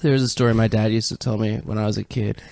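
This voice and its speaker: A man's voice: on the low side, level tone, fast talker, creaky, a little mellow, no room sound. A man co-hosting a comedy podcast, laughing easily and defending his points in casual banter. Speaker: podcast co-host.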